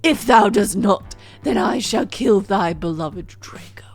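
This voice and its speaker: A woman voicing a menacing male dark wizard who speaks in old-fashioned language, in a slow hushed whisper. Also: medium pitch, expressive, soft background music.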